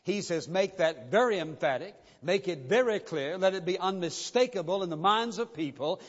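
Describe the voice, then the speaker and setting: A man with a notably high voice delivers an insistent, emphatic sermon, hammering his points home with repetition. His words ring out through a church sanctuary with a long reverb tail. The recording itself is dull and muffled. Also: expressive, moderate pace, few pauses. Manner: emphatic, insistent preaching with repeated phrases. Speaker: pastor.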